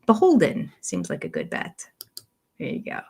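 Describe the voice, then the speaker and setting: A woman's voice: huge pitch swings, moderate pace, darkish tone, slightly rough. An older woman hosting a livestream, chatting casually about a reality show and reading out viewer comments with frequent laughs. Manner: chatty, rambling, laughs often; coos in a high voice to her cats.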